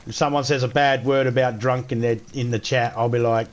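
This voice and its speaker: An Australian man chats casually with viewers while live-streaming a survival game, cracking jokes and swearing freely. His voice is medium-pitched and steady, and he talks a little fast.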